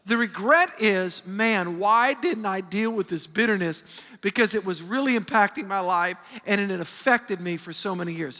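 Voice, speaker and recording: A man preaching a sermon as pastor, animated and emphatic, often restarting his sentences. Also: sits high. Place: large church hall. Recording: long hall reverb.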